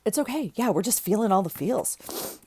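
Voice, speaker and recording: A woman's voice: medium pitch, lively intonation, normal speed, mellow, slight background noise. A middle-aged woman with a stuffy nose from crying, chatting casually through a craft tutorial, rambling with frequent restarts. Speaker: crafting vlogger.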